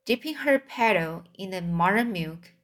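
A woman's voice: medium pitch, lively intonation, normal speed, fairly bright tone. A woman narrating a children's audiobook in a careful reading style, sometimes repeating a phrase. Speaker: audiobook reader. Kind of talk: scripted narration.

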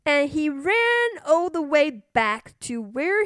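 A woman narrating a children's story in a slow sing-song manner. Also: high-pitched, expressive, fairly bright tone, no room sound, studio quality.

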